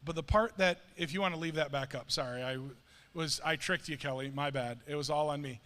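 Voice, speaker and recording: Pastor, middle-aged man, high-pitched, earnest, conversational sermon delivery, church hall reverb. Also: a little fast, a bit bright. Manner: conversational, earnest, self-deprecating. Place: church sanctuary.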